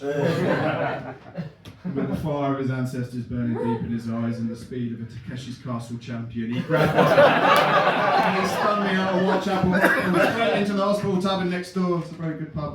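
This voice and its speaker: A man telling a comic story on stage, often laughing at his own jokes and acting out other people's voices. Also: sits high. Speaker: stand-up comedian. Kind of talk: stand-up storytelling. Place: comedy club stage. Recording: echoey room from far off, noisy. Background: audience laughter.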